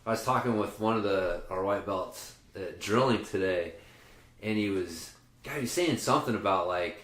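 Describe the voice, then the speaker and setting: A man's voice: low-pitched, moderate pace, fairly bright tone, echoey room. A man hosting a casual podcast, talking at length in a rambling, profane way with many restarts. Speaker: podcast host and jiu-jitsu coach. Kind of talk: casual chat.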